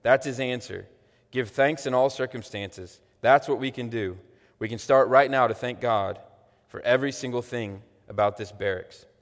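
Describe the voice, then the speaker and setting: A man reading aloud the lines of a serene, devout young woman prisoner, calm and insistent. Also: mid-range voice, normal speed, natural voice. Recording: long echoey hall reverb.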